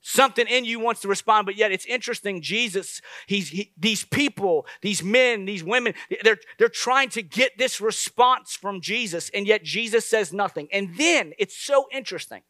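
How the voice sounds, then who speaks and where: A man preaching a sermon as pastor, lively and conversational, with asides to the congregation. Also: high voice, moderate pace, hardly any pauses, no echo.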